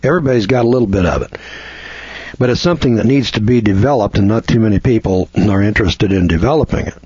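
Low husky guy lecturing, blunt and scornful, dull lo-fi sound. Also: fast, darkish tone, no echo. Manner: blunt, scornful, rambling with restarts. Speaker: seminar lecturer. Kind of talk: folksy lecture. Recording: dull lo-fi recording.

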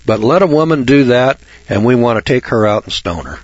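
A man hosting a radio talk show, speaking bluntly in a folksy way and often clearing his throat. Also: medium pitch, animated, a little fast, no echo, dull audio.

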